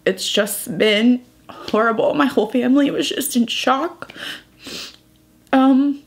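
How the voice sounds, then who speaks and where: Tearful young woman vlogging, a bit high. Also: slow. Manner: tearful, breaking up while retelling. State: crying. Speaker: beauty vlogger. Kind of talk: emotional personal vlog.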